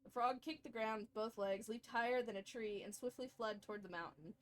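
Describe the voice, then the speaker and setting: A woman's voice: fairly high pitch, fairly quick. A woman streamer at home at her computer, reading game lore aloud and chatting, often stumbling over words and giggling.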